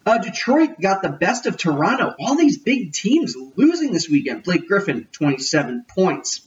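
Guy doing a sports podcast, jokey and rambly, kinda high voice, lo-fi mic a bit far off. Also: big pitch swings, moderate pace. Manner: jokey, rambling, self-correcting. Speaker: podcast host. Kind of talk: casual sports podcast talk.

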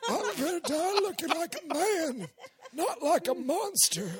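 A man putting on the voice of a melodramatic young man who vows to die a man, not a monster, drawn out slowly and cracking up. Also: extremely high pitch, very animated, background noise, voice pushed up, exaggerated voice. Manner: slow, strained, breaking into laughter. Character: overwrought young man vowing to die human.

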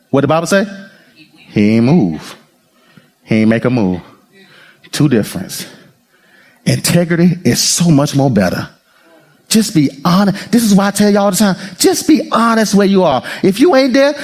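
Pastor guy preaching, high voice that jumps all over, talks back and forth with the crowd. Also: moderate pace, pauses often. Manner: call-and-response preaching, acts out prayers and quotes; swings between high excited bursts and low murmured prayer. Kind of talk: sermon.

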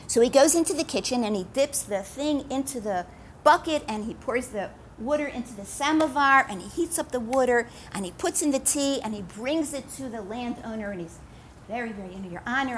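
Woman lecturer, high-pitched, lively storytelling style with emphatic repeats, faint background noise. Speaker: speaker addressing women. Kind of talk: religious storytelling talk.

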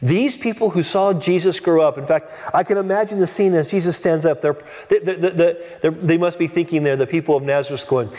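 A pastor delivers an expository sermon from the pulpit, his somewhat high male voice dark in tone and fading into the long reverb of a large church. He speaks earnestly and quickly with few pauses, often restarting sentences and pressing points with emphatic questions.

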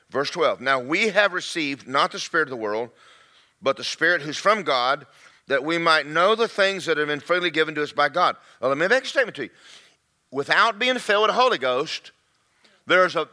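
A man preaching a sermon to a congregation, swinging between loud shouts and quiet, confiding asides. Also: mid-range voice.

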